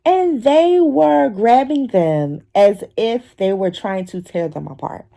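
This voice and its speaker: A woman tells a funny story in a casual vlog, swearing freely. Her voice sits fairly high and swings widely in pitch. She's recording outdoors in a public spot. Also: unhurried, few pauses. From Philadelphia. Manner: animated, swears, acts out kids' voices. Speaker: vlogger.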